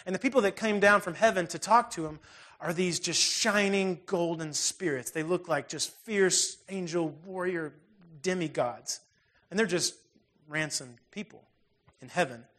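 Preaching in a relaxed, conversational style, this man has a notably high and slightly bright voice and talks a little slowly. His words are plain and earnest, as if he were a pastor speaking straight to his flock.

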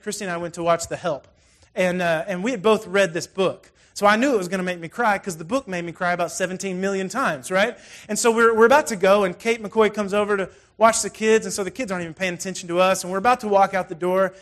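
A middle-aged man preaches from the front of a church, casual and animated, with plenty of asides and stories. His speaking voice sits high for a man. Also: fast. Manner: conversational, animated storytelling with frequent asides. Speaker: pastor. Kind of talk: sermon.

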